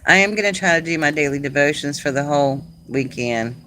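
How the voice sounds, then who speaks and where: A middle-aged woman from South Carolina with a Southern accent, chatting casually and warmly with viewers on a live craft stream, laughing often. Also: sits low, animated, brisk, slight background noise, low-quality recording. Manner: chatty and homey, laughs often, says "y'all". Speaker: craft channel host.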